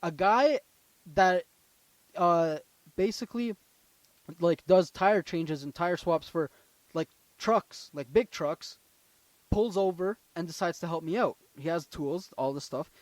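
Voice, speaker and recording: A young man co-hosting a casual chat, spinning a story in an animated, profane way. His voice sits a little high. The sound is dry and close, with little room. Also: dry recording. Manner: animated storyteller, swears freely, swings between loud and quiet. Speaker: podcast co-host.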